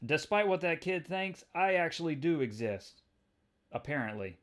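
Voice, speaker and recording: A man's voice: a little high, animated, normal speed, fairly bright tone, voice pushed up. A man voicing a wisecracking young male spider-hero who talks with sarcastic quips. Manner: sarcastic, quippy.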